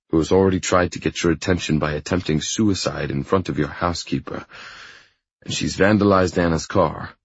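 A man reading an audiobook, voicing a patient male therapist who speaks in a measured, reassuring way. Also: rumbling low, gravelly, husky, no echo, lo-fi sound, full character voice. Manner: measured, reassuring, slightly exasperated.

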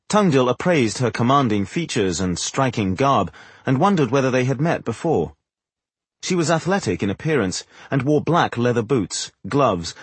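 A man reading fantasy narration for an audiobook in a measured, dramatic way. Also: mid-range voice, husky, no room sound.

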